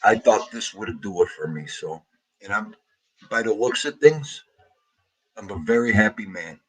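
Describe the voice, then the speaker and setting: Husky, tearful New man. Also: lowish voice, lively intonation, unhurried, poor audio. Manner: emotional, heartfelt, greets viewers by name. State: grieving, tearful. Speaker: livestream host. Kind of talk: casual livestream chat greeting viewers.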